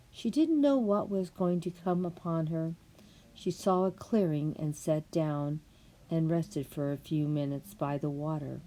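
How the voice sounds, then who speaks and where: Older grandma reading a story aloud, slow, warm dark voice. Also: female voice, sits low. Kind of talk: storybook narration.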